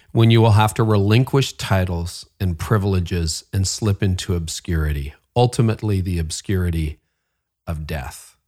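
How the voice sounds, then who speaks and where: A man's voice: fairly low pitch, darkish tone. A man hosting a leadership podcast, asking his guest earnest, open questions. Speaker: podcast host. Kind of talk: interview.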